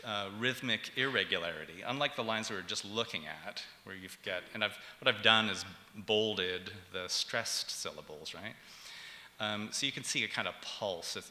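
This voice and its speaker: A male professor with a low but very bright, forceful voice delivers a public lecture, measured and explanatory and scattered with ums and uhs. The sound carries a long reverb, as if captured in a roomy hall.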